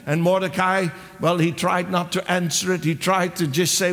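A man preaching a sermon with passion, breaking into shouts and acting out the people in his story. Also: sits high, flat delivery, moderate pace, few pauses. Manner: impassioned, exclaims and voices the characters. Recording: long hall reverb.

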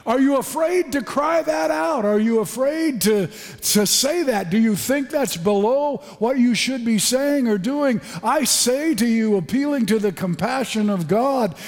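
A man's voice: extremely high pitch, expressive, measured pace, darkish tone. A man preaching a sermon with fervent, emphatic delivery and repeated phrases. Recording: echoey hall with long reverb.

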